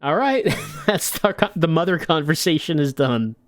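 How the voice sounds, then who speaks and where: A man streaming a game and making quick, wry comments. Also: on the high side, sing-song, no room sound, studio quality.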